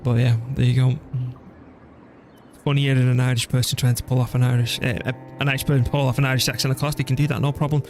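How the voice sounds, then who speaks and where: A man streaming a strategy game, chatting casually and thinking out loud as he plays, laughing easily. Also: mid-range voice, flat delivery, fast, slight background noise. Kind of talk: casual gameplay commentary.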